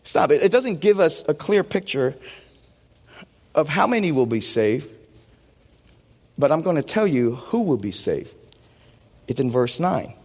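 A man preaching a sermon as pastor, animated and conversational, often checking in with tag questions. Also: a little high, slow, long pauses. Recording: long reverb of a large hall.

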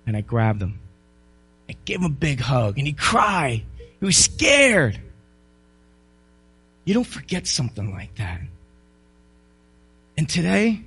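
A male pastor preaching a sermon, swinging between loud calls and low, quiet storytelling.

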